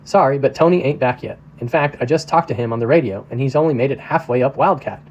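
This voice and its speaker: A man's voice: medium pitch, fast talker, highs cut off, lightly acted. Teasing small-town postmaster woman with a Midwestern accent, read by a man, folksy and nosy. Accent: Midwestern American. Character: chatty teasing middle-aged woman postmaster.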